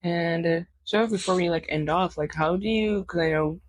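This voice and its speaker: Soft-spoken young woman co-host. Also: fairly low pitch, normal speed. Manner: short affirming replies, soft asking. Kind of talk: casual chat.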